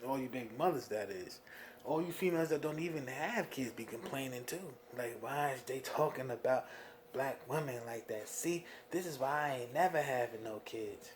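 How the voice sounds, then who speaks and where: A young man from New Jersey venting about being a father in a casual monologue, animated, with lots of "you know what I mean". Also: moderate pace, slight background noise. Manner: animated, swings loud and high when worked up, frequent "you know what I mean". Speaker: vlogger talking about fatherhood.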